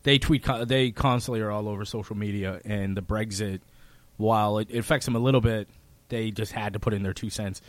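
A man in casual political chat, relaxed, reading news items aloud. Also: on the low side, brisk, no room sound.

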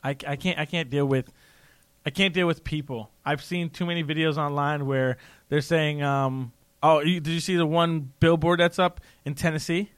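A man in casual political chat, animated and ranting, often mocking other people's voices. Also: on the high side, moderate pace, clean tone, no echo.

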